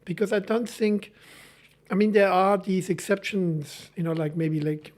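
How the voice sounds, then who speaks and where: A middle-aged man whose first language is German, a film lecturer talking casually and haltingly, correcting himself and laughing easily. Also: high-pitched, fairly even intonation, darkish tone. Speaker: film school lecturer, guest. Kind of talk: casual conversation.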